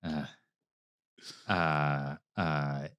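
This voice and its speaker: A man in his thirties, a podcast guest who chats bluntly and tells stories with animated bursts. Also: rumbling low, clean tone, dry recording. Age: 30s. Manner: blunt, animated storyteller who talks in quick runs. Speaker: guest, real estate broker. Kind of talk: casual conversation. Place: podcast recording.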